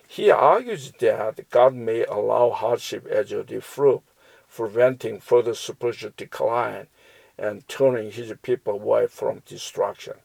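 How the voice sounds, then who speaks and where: This Bible teacher works through scripture slowly, reading verses aloud, explaining them, and often restarting amid fillers. His lowish voice sounds creaky, husky and darkish. The recording is rough but has no echo.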